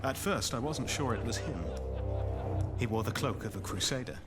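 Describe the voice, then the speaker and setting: An actor playing a proud, hot-headed young knight in a story-driven game, quick to anger. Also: male voice, medium pitch, animated, close to an everyday voice. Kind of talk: game voice acting. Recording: game audio with loud music.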